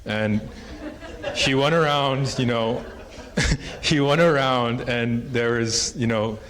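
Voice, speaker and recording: Taking his time, a man with a medium-pitched, slightly bright voice shares a traditional story during a conference talk in a conference hall. He tells it casually, wandering off track and leaning on lots of fillers.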